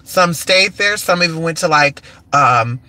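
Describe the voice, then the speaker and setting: A man's voice: on the high side, lively intonation, unhurried, pushed and bright. A man from California hosting a casual live stream chat, flamboyant and sassy, calling listeners honey and cheering on the chat. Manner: cheers on chat with repeated come on. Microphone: phone or computer mic on a live stream.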